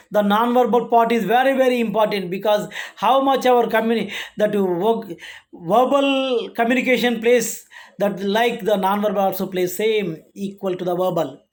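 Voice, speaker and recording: Lecturer, mid-pitched voice, reads out each point and then re-explains it with halting restarts. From India. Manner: reads points aloud then rephrases them, with frequent restarts. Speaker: college lecturer. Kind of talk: classroom lecture.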